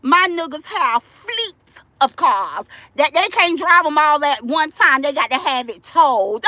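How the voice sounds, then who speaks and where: An older woman ranting to her live-stream viewers. Her voice is high and bright, and it swings widely in pitch. She talks at an unhurried pace, loud, boastful and profane. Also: animated, no room sound. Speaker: livestream host.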